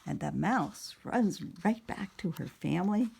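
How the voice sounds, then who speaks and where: A woman narrating a picture book at storytime, speaking softly and often slipping into a whisper, asking the listener questions. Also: mid-range voice, expressive, a little slow, gravelly, husky. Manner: soft, often sliding into a whisper.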